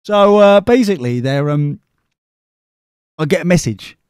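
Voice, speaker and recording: Chatty man, wildly varied pitch. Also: lively intonation, unhurried, a little mellow, clear, resonant tone, no echo, studio quality. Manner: chatty, self-mocking, sarcastic asides to the listener. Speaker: podcast host. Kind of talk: rambling comic monologue.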